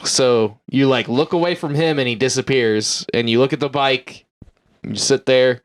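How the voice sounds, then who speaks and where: A man's voice: mid-range voice, normal speed. A man co-hosting a podcast, chatting casually and joking as he tells a story. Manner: jokey, acts out quoted characters. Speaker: podcast co-host. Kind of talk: casual chat.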